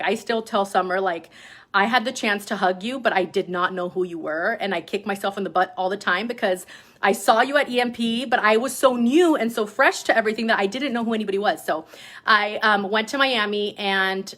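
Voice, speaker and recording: A woman telling a personal story to her sales team in a casual, animated way, often adding "like" and "right?", and acting out what people said. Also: medium pitch. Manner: acts out quoted dialogue in other voices. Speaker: direct-sales team leader.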